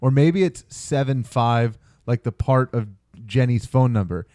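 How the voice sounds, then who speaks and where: A man's voice: mid-range voice, a little slow, dark tone, no room sound, clean studio sound. A man co-hosting a casual podcast, joking and teasing his friends. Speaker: podcast co-host. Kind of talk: casual banter.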